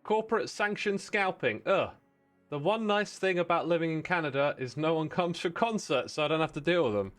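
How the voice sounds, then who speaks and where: A man's voice: fairly high pitch, lively intonation, brisk, fairly bright tone, soft background music. A man chatting casually with viewers while playing on a livestream, rambling and self-deprecating, laughing often.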